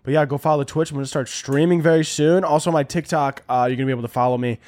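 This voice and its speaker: Racing along in a slightly high voice, a man rants on his solo podcast, casual, profane and animated. He rambles with plenty of fillers and comes from a half-Italian family.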